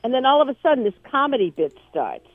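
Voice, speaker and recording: A man's voice: extremely high pitch, dry recording, narrow, tinny audio. A man co-hosting a radio interview, enthusiastic about musicals. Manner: enthusiastic, talks fast when excited. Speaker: radio co-host.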